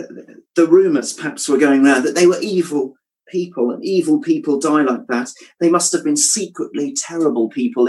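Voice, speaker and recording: A man preaching a sermon, thoughtful and measured, dropping his voice quietly when quoting scripture. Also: on the high side, poor audio. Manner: reflective, drops to a hush on quoted scripture.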